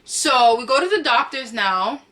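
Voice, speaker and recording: A woman's voice: on the high side, lively intonation, measured pace. A young woman vlogger telling a storytime from home to camera, chatty and slangy, repeating phrases for emphasis. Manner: acts out quotes with loud cries. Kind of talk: storytime vlog.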